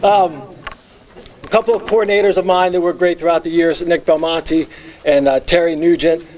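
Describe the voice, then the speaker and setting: Earnest middle-aged man, fairly high voice. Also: steady tone, normal speed, darkish tone. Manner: earnest, reminiscing, many fillers. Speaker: hall of fame inductee, former teacher and football coach. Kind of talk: acceptance speech.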